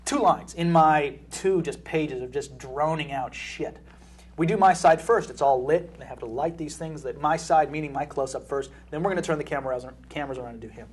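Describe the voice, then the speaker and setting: Husky young dude ranting about a film shoot, swears a lot, kinda high voice. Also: male voice, fairly quick. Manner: blunt, swears freely, animated storytelling. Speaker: actor guest. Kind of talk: casual profane anecdote.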